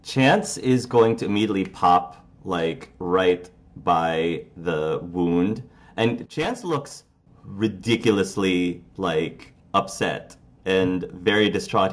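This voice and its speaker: A man narrating as game master of a tabletop role-playing game, relaxed and halting, with many fillers. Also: lowish voice, a little hiss or hum.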